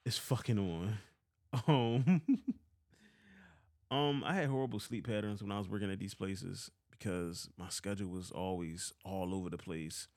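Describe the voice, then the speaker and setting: Profane Philadelphia man with a lowish voice. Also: normal speed, a little mellow, no room sound, clean studio sound. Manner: profane, heated, swears often. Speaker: vlogger. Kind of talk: casual storytelling rant.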